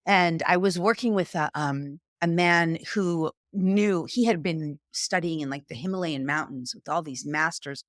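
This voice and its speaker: A middle-aged woman from New York with a New York accent, telling her story as a guest in an animated, chatty way. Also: low voice, measured pace, few pauses, no echo, clean studio sound. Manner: animated, chatty, uses "like" often. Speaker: guest, psychic and spiritual teacher. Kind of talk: conversational storytelling.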